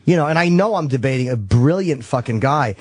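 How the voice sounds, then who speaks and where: A man's voice: mid-range voice, expressive, brisk, breathy edge, no room sound. A man hosting a radio show, talking casually and profanely, often restarting his sentences. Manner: rambling, self-correcting, profane. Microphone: studio microphone.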